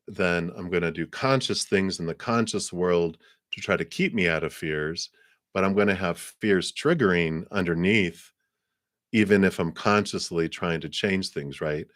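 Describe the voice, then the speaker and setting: Low-voiced man giving chatty tarot readings. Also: a bit bright, no room sound, studio quality. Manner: chatty, reflective, frequent fillers and restarts. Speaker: tarot reader. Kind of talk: live-streamed tarot reading.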